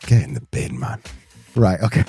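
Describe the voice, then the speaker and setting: This podcast co-host has a deep, warm voice with vocal fry and speaks at a normal speed, very animated. He chats and jokes casually, often cutting himself off to restart sentences, with faint music in the background.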